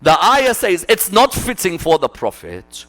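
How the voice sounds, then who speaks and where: A man giving an impassioned religious lecture, asking rhetorical questions and swinging between loud emphasis and hushed asides. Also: high voice, wildly swooping pitch, a little slow, soft background music. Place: mosque hall.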